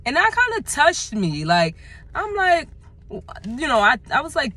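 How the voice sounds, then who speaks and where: A woman talking candidly in a personal vlog, halting and reflective, emotional as she searches for words. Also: sits high, huge pitch swings, pushed and bright. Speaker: vlogger.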